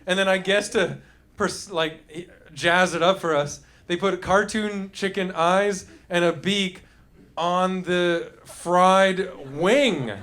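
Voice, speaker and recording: A man's voice: high voice, fairly even intonation, takes it slowly, fairly bright tone. A man doing loose, profane stand-up comedy, riffing with the audience and making yelping sound effects. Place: comedy club stage with live audience.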